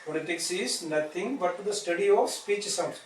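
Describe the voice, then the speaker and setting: A man's voice: high voice, moderate pace. A man teaching an English grammar class, repeating points and asking tag questions to check understanding. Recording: echoey room from far off, faint noise.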